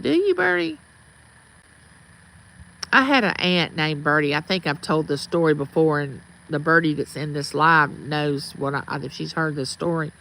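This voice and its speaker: A fairly low, pushed and bright female voice comes through on a low-quality recording. The speaker is a middle-aged Mississippi woman with a Southern accent, casually livestreaming from outside her home and greeting viewers by name.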